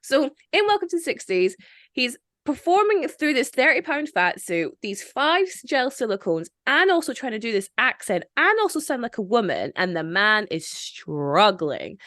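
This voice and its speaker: A woman hosting a casual podcast, her voice leaping around with lively swings in pitch. She talks in an animated, opinionated way, peppered with "like," and sounds close and dry with no room around her. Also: moderate pace, no room sound. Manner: animated, opinionated, frequent "like" fillers. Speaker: podcast host.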